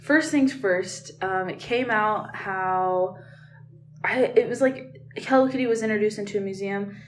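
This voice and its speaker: A woman co-hosting a podcast in casual chat, her voice groggy and hoarse, rambling with fillers and restarts. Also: mid-range voice, a little slow, a little hiss or hum. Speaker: podcast co-host. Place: tiled hotel room. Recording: echoey tiled room.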